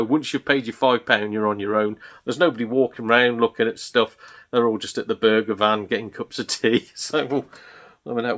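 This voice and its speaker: A man's voice: mid-range voice, fairly bright tone. A British man hosting a gaming channel, telling a rambling, exasperated story with lots of restarts. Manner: exasperated, chatty, self-interrupting.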